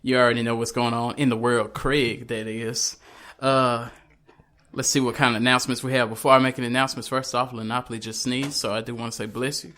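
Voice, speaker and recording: A man's voice: medium pitch, little pitch movement, brisk, sharp tone. A man hosting a podcast, chatting loosely and laughing, a bit tipsy. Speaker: podcast host. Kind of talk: casual podcast banter.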